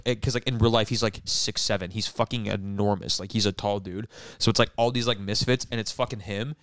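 Fast-talking young man telling a rambling story. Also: fairly low pitch, fairly even intonation, fairly bright tone, dry recording, clean studio sound. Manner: rambling storyteller, acts out quoted lines. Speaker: podcast co-host. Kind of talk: casual chat.

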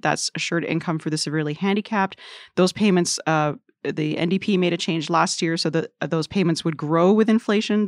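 A woman hosting a casual news podcast, chatty with quick asides, recorded in a studio. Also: low voice, no room sound. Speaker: podcast host. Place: studio room with other guests.

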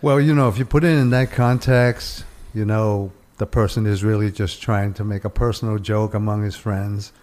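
A man in a casual group discussion, explaining his views in a measured way. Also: lowish voice, fairly even intonation, a little mellow.

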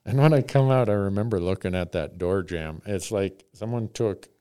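A man's voice: low-pitched, normal speed, dark tone, smooth, dry recording, studio quality. A man hosting a podcast, telling a rambling, self-mocking story in casual chat and chuckling often.

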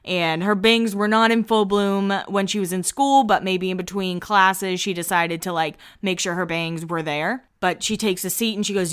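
A woman hosting a podcast, chatting casually and with amusement as she recaps a reality show, quick with her asides. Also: mid-range voice, smooth.

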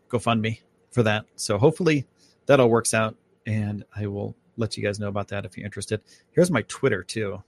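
A man's voice: lowish voice, steady tone, normal speed, gravelly, long pauses. A man hosting a live podcast, chatting casually and rambling about space and his plans. He comes from upstate New York. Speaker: podcast host. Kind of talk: casual live-stream chat. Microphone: microphone at home.

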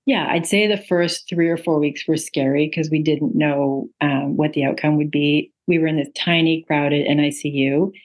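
A woman's voice: sits low, fairly even intonation, normal speed, few pauses, darkish tone, rough recording. A middle-aged woman, an author and interview guest, telling a personal story earnestly with many ums and uhs. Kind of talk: interview conversation.

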